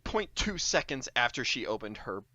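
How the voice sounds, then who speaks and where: A man's voice: mid-range voice, big pitch swings, normal speed, sharp tone, dry recording, lo-fi sound. A man co-hosting a podcast, retelling a story in a wry, sarcastic casual chat. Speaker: podcast co-host.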